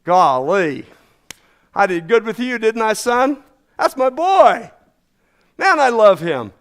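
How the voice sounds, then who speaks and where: Guy putting on a proud folksy God-dad voice, pitched up high, gushing over his kids. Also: sing-song, slow pace, heavily acted. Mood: proud, delighted. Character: doting fatherly God, warm and proud.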